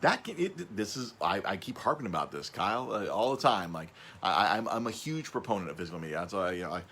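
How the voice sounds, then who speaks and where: A man hosting a casual podcast, rambling, stumbling over and repeating his words, his voice jumping up when he gets excited. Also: fairly low pitch, fast, slightly rough. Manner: excitable, voice jumps up on emphasis. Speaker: podcast host.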